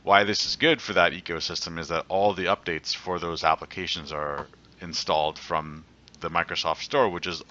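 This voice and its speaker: A very deep-voiced man with a forceful, tense edge co-hosts a casual tech podcast. He rambles through many fillers and restarts. The sound is dull and lo-fi. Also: fairly even intonation, moderate pace. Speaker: co-host.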